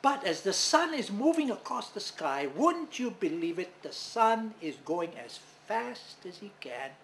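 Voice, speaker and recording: Animated male storyteller with a high voice. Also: a little slow, a little hiss or hum, poor audio. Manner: animated, dramatic. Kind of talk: first-person legend telling.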